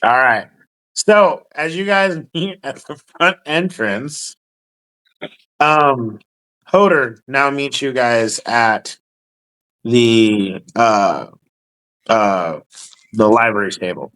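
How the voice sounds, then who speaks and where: Slow-talking laid-back male dungeon master. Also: mid-range voice, fairly bright tone, low-quality recording. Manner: laid-back, swears casually, laughs. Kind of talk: narrating a tabletop game.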